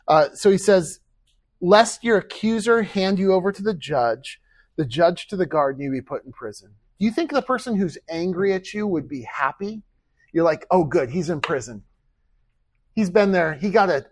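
Husky-voiced male pastor preaching. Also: a little high, no room sound. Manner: earnest, conversational preaching with rhetorical questions; acts out quoted speech. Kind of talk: sermon.

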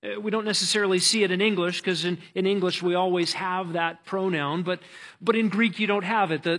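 A man's voice: high-pitched, a bit bright. A man preaching a sermon as pastor, earnest and emphatic, often restarting his words.

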